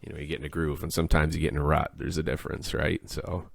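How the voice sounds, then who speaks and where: Very deep gravelly man chatting. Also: flat delivery, fast talker, no echo, clean studio sound. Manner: rambling, acts out quoted speech. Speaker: podcast co-host; workplace supervisor. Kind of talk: casual chat.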